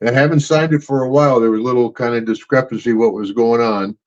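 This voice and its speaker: A man's voice: medium pitch, fairly even intonation, fast talker, a little mellow. A man co-hosting a podcast, telling stories in a boisterous way, laughing often and acting out the voices of people in them. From Louisiana, USA. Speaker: podcast co-host, retired wrestler. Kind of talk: casual storytelling chat. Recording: dull lo-fi sound.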